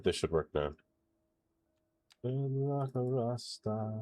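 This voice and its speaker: A man's voice: lowish voice, lively intonation, unhurried, long pauses, a little mellow, dry recording, soft background music. A man streaming a city-building game, chatting casually with viewers, singing along and joking. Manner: playful, singing along and doing silly voices. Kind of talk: casual gameplay commentary.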